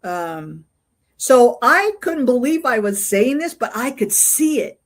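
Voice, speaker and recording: An older woman, a guest being interviewed, tells a personal story in a halting way, often pausing on fillers and restarting her sentences. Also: a little high, big pitch swings. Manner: halting, full of fillers and restarts while recounting. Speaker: interview guest, UFO investigator.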